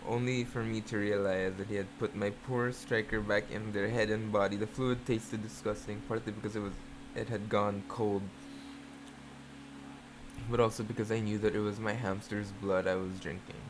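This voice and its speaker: Reading fan fiction for a laid-back reaction video, this host alternates calm, measured reading with sudden loud, shocked bursts of profanity. The voice is mid-range, and there's background noise.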